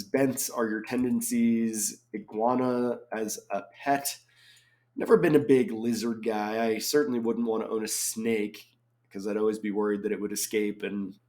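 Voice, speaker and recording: A man's voice: on the low side, a little mellow. A man in his forties, a chatty crossword solver who thinks aloud and wanders off on tangents, full of ums. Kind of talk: casual solo commentary while solving.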